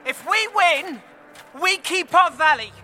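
An actor playing a plucky young caveman hero in an animated film, speaking in a bold, earnest way. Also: very high voice, unhurried, a little hiss or hum, full character voice. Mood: defiant.

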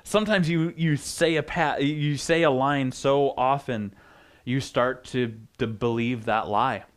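A man's voice: mid-range voice, a little slow. A man preaching as a pastor, teaching in a casual way with joking asides and frequent restarts.

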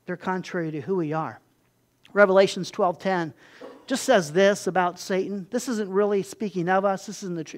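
A preacher delivering a sermon in an animated way, moving between loud emphatic bursts and quiet low asides, often repeating words and restarting phrases.

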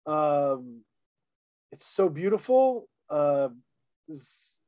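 A man's voice: on the high side, very animated, very slow, warm tone, dry recording. A man co-hosting a casual podcast chat about an album, talking enthusiastically with lots of fillers and restarts. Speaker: podcast co-host reviewing an album.

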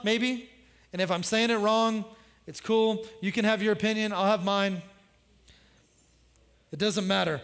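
A man's voice: high voice, normal speed, fairly bright tone, big-room sound. A man pastor preaching a sermon in a conversational way, with joking asides.

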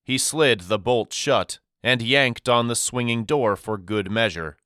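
A man narrating an audiobook chapter as the storyteller, in a measured, reflective manner. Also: medium pitch, sharp tone, no echo, studio quality. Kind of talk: scripted narration.

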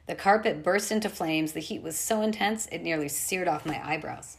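A woman's voice: lowish voice, normal speed, vocal fry. A woman reading a novel aloud, telling a first-person adventure story with expression. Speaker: audiobook narrator.

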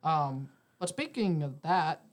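A man hosting a casual sports podcast, steering the talk with halting restarts. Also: on the high side, big pitch swings. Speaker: podcast host.

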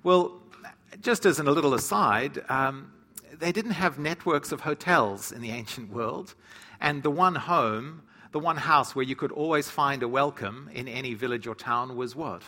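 A man teaching Bible stories in a lively, humorous way, acting out the characters' lines as he tells them. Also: mid-range voice, moderate pace. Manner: animated storyteller who acts out quotes. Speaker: preacher.

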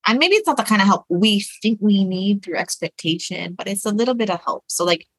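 A woman's voice: medium pitch, animated, brisk, slightly rough, no room sound, low-quality recording. A woman talking casually as a guest, earnest and encouraging. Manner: earnest and encouraging, with fillers and restarts. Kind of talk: casual conversation.

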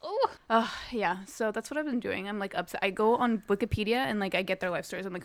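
A woman co-hosting a casual podcast chat, excitedly gushing and laughing, swearing now and then. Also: mid-range voice, quick pace, no room sound. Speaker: podcast co-host.

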